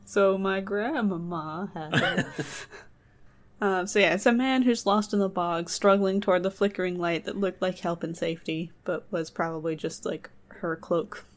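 A woman's voice: lowish voice, fairly even intonation, moderate pace, few pauses. A woman reading a folk tale aloud and breaking off into joking asides. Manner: joking digressions, trailing off. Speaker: storyteller host. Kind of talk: casual storytelling with asides.

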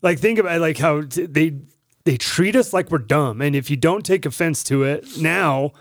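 A man's voice: fairly high pitch, moderate pace, no echo, studio quality. A man co-hosting a podcast, talking in a heated, emphatic and profane way. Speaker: podcast co-host. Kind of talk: casual podcast chat.

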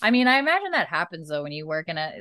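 Woman gabbing about a tv episode, acting out the lines, kinda low voice, dry close mic. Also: rapid-fire, dry recording. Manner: animated retelling, acting out characters' lines, frequent "like". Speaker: podcast co-host recapping a TV episode. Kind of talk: casual chat.

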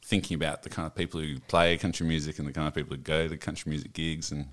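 A man chatting as a guest on a casual podcast, giving short deadpan answers. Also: extremely low pitch, fast talker, a crowd in the background.

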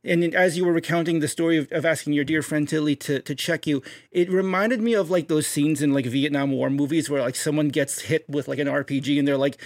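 A man's voice: fairly high pitch, a little fast, few pauses. A man co-hosting a podcast, hyping up a story with energy and acting out voices as he tells it. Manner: hypes stories up, acts out bits in jumpy voices. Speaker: podcast co-host. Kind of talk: animated comic storytelling.

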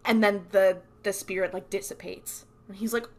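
A woman's voice: medium pitch, normal speed. A woman co-hosting a podcast, recapping a TV episode in casual chat and acting out the lines. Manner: animated storytelling, acts out quotes. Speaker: podcast co-host.

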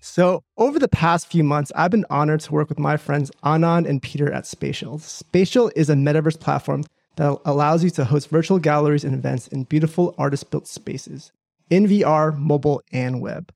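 A male podcast host reading a prepared introduction and asking interview questions in a measured way. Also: a little high, vocal fry, a little mellow, dry recording, studio quality. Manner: measured, reads prepared lines.

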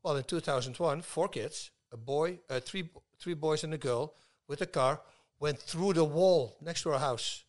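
A man's voice: a little high, normal speed. A middle-aged man speaking as a guest in a casual conversation, telling stories with emphasis. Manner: emphatic, storytelling.

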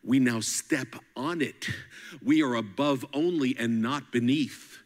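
A man preaching a sermon, swinging dramatically between loud climaxes and hushed whispers and calling out to the congregation. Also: medium pitch, a little slow, big-room sound. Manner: call-and-response exhortations.

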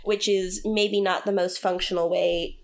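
A woman's voice: fairly low pitch, flat delivery, measured pace. A woman co-hosting a casual chat, talking through a musical's story with opinionated enthusiasm. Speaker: podcast co-host.

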